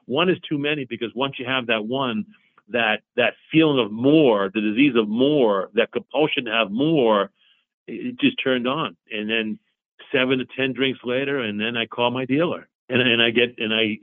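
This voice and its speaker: A man's voice: medium pitch, moderate pace, phone-quality sound. A man in his forties telling his own story as an interview guest, earnest and repetitive, acting out both sides of past conversations. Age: 40s. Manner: earnest, repeats himself, acts out both sides of dialogue. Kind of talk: confessional storytelling.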